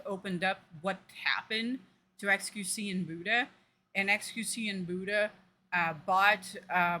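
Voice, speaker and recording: A woman streamer reacting live, ranting bluntly and profanely with lots of fillers. Her voice is bright and forceful. She pushes her points with emphatic outrage. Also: mid-range voice.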